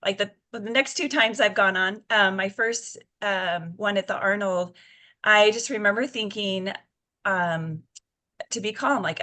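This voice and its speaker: A woman's voice: mid-range voice, a little slow, pushed and bright. A woman in her fifties, a guest in an interview, telling her story earnestly with many fillers and restarts. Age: 50s. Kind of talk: casual interview chat.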